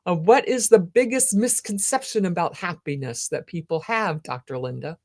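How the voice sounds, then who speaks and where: A woman's voice: lowish voice, normal speed, a little mellow. Woman hosting a live-streamed interview. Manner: greets viewers by name, asks the guest questions. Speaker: talk show host.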